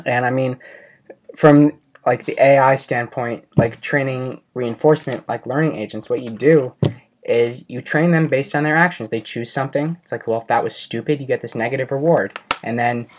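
A man's voice: mid-range voice, moderate pace, slight background noise. A man in casual podcast chat who explains his ideas at length and swears freely. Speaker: podcast guest.

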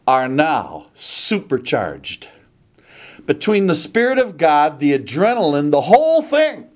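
A man preaching a sermon, retelling a scripture story dramatically and animatedly. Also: fairly high pitch.

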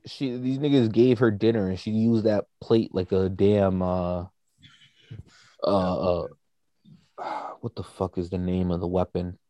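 Laid-back guy rambling on a podcast, mellow lowish voice, lots of ums. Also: steady tone, unhurried, no room sound. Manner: rambling, full of fillers. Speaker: podcast co-host. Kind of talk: casual chat.

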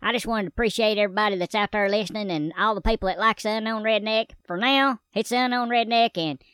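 A woman's voice: medium pitch, quick pace, a bit bright, clear, resonant tone, no echo, natural voice. A woman voicing a folksy, rambling rural man in a comedy monologue. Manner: rambling, homespun drawl.

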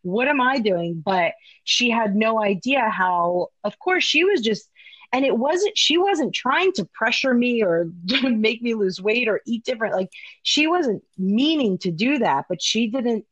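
A woman's voice: fairly high pitch, sing-song, measured pace, fairly bright tone, no echo, highs cut off. A young woman chatting openly in a podcast-style conversation, her voice close and dry with little room sound. She talks candidly, drops casual swears and leans on fillers as she goes. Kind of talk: casual chat.

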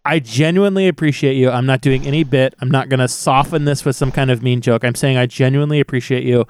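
A man's voice: mid-range voice, fast talker, darkish tone, smooth. A male podcast host, tipsy from drinking, speaking earnestly and with heart while swearing freely. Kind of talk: casual podcast chat.

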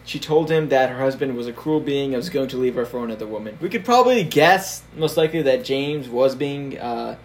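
A young man retells a historical scandal in loose, casual podcast talk, laughing often and padding with fillers. His pitch sits mid-range. A faint hiss runs under the recording. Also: animated, a little fast, hardly any pauses. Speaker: podcast co-host telling a history story.

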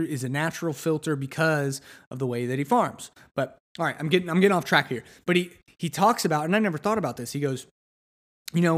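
Young guy rambling on his podcast solo, kinda high voice, lots of restarts. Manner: rambling, conversational, many restarts and fillers. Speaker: podcast host.

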